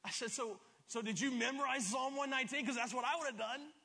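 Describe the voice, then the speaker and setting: A middle-aged man preaching a sermon, emphatic and stumbling over repeated words, swinging between loud and soft. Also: very high voice, fast, slightly rough. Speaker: pastor. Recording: long hall reverb.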